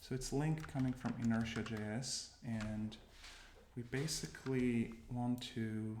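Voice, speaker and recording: A man's voice: medium pitch, fairly even intonation, measured pace, a little mellow. A man casually narrating his coding session. He thinks aloud, stops often and corrects himself. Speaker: developer demoing his coding workflow. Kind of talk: casual screencast commentary. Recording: roomy with noticeable background noise. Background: keyboard typing and mouse clicks.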